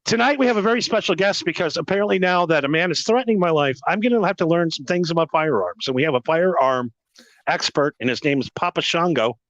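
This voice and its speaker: A man's voice: a little high, animated, quick pace, fairly bright tone, dry recording, muffled recording. A man hosting a podcast in casual chat, crude and joking, laughing often. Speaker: podcast host.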